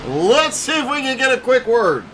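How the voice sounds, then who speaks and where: A man commentating a sim racing broadcast from the booth, excitable and prone to laughing between calls. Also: very high-pitched, normal speed, slight background noise, rough recording. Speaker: race commentator.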